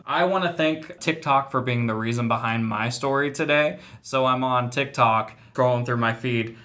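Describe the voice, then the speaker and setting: Chatty young man with a bright voice. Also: mid-range voice, moderate pace. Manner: chatty, rambling, nerdy enthusiasm. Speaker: radio show host. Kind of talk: casual chat.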